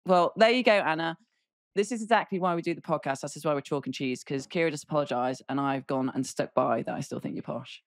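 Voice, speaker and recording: An English woman in her thirties with a low, relaxed speaking voice, chatting casually on a podcast. Her talk rambles with fillers and dry, teasing humour. The sound is close and dry, with no room around it. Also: fast talker, no room sound. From England. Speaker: podcast co-host, golf broadcaster. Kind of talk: casual chat.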